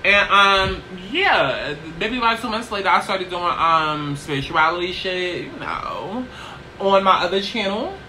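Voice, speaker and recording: A woman chatting casually in a get-ready-with-me vlog, brash and profane, tossing in "okay?" constantly while seated low in a small chair. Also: animated, a little slow, sharp tone, a little hiss or hum, poor audio. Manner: brash, profane, sassy, keeps asking "okay?". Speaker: YouTuber.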